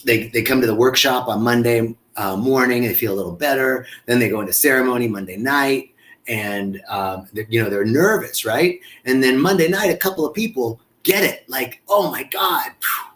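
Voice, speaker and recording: An effusive man talks casually as the host of a live stream. His voice sits at a medium pitch, and he often stumbles and repeats words as he greets viewers by name. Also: moderate pace, fairly bright tone.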